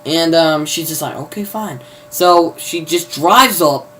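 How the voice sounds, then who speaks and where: A man's voice: a little high, unhurried, a bit bright, slight background noise. A man giving a casual, rambling plot recap, full of fillers and mild cursing. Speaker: video reviewer.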